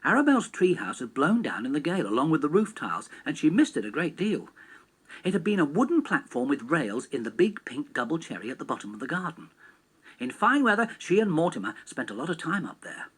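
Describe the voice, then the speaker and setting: A man reading a children's story aloud on television in an animated, expressive way. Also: fairly high pitch, quick pace, breathy edge, poor audio.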